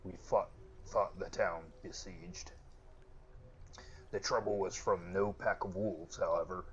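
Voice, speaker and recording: A man's voice: deep voice, steady tone, takes it slowly, slight background noise. A man voicing a formal, gracious male temple priest with archaic, storytelling speech, in a lo-fi let's-play recording. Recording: lo-fi with game music behind.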